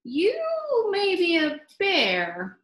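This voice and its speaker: A playful storybook dad, teasing and mock-gruff, as a woman puts him on. He booms out loud, then slips into a hushed, spooky growl. The room is echoey. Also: huge pitch swings, very slow, noisy background, full character voice. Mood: mock-scary.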